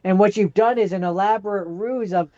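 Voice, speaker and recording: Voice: medium pitch, brisk, darkish tone, lo-fi sound. A podcast co-host chatting casually, joking and sarcastic, often stammering and repeating words. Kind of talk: casual chat.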